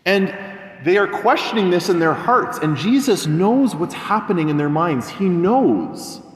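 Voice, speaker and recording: A young man preaching as a priest, telling a story and acting out the voices of the people in it. His voice sits a little high. He is recorded in a roomy church with a long, ringing reverb. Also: big pitch swings, a little slow. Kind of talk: sermon.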